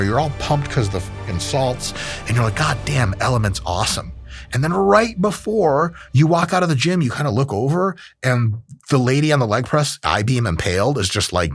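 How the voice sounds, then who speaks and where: A man hosting a fitness commentary, joking and swearing casually as he explains training and does a comic ad read. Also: mid-range voice. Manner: animated, profane, joking. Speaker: host, exercise scientist.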